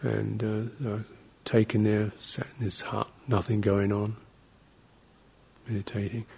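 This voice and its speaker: A man, a Buddhist monk, giving an informal dharma talk in a rambling, anecdotal way, breaking into soft laughs and short acted-out exclamations. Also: fairly low pitch, flat delivery, a little slow, gravelly, breathy edge. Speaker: Buddhist monk teaching meditation.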